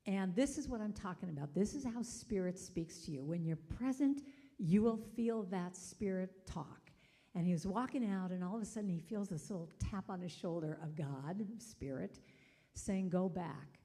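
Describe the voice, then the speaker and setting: Woman guest speaker with a warm, mellow tone, chatty and animated, storytelling from the pulpit. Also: mid-range voice, moderate pace. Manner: conversational and animated, acting out the people in her stories. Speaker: guest speaker at a spiritual center service. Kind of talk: inspirational talk with storytelling.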